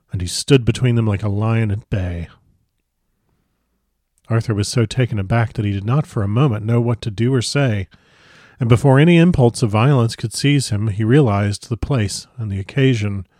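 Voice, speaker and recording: A man narrating a classic novel as an audiobook, with a measured, expressive reading. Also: on the low side, no room sound, studio quality.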